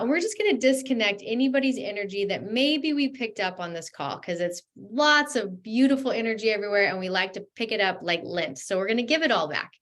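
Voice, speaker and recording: A woman hosting a video call, gushing with thanks and then leading a guided breathing exercise. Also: medium pitch. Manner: effusive, gushing, softly spoken. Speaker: host. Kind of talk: closing remarks and guided breathing.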